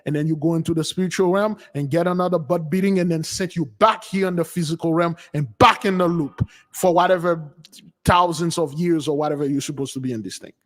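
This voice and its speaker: In a long, reverberant hall, a spiritual teacher talks in an informal sermon style, pressing each point with emphatic repetition. His voice is a little high and his pace a little fast.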